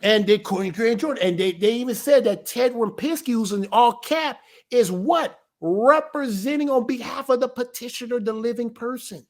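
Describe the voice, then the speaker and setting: A man with a high-pitched voice talks straight to his livestream viewers. He stresses his points with rhetorical questions and often stops to restart a sentence. He speaks as an elder of a ministry. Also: normal speed.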